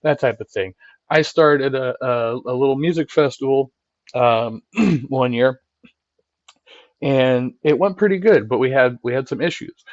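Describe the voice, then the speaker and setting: A man hosting a live stream, rambling in a loose conversational way, tagging his points with "right?" and swearing freely. His recording sounds dry and a little dull, with no room around it. He speaks at a middling pitch for a man. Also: a little slow, no echo. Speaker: streamer and channel host. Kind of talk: casual live-stream commentary, reading chat.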